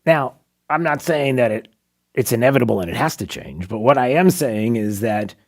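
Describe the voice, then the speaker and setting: A man's voice: medium pitch, lively intonation, moderate pace. Emphatic talk radio host, man. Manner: rhetorical, repeats questions, emphatic. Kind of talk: opinionated talk radio monologue and banter.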